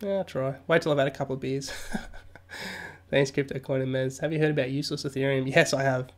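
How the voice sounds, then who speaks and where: Speaking fairly quickly with a mid-range voice and fairly even intonation, an Australian crypto livestream host reads the news aloud on his new studio mic. He then riffs on it, joking and chatting casually with his viewers.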